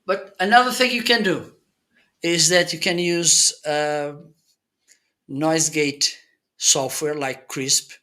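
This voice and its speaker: Bright-voiced man demoing gear. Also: a little high, fairly even intonation, slow. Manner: chatty, keeps checking in with "okay?". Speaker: live-stream host reviewing gear. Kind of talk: casual product demo. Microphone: desk USB microphones being tested.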